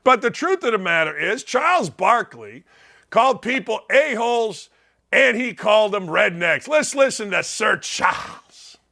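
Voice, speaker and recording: Brief: high-pitched, bright, gravelly man hosting a sports talk show, halting and animated. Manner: halting, repeats words, animated. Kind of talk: casual opinion rant.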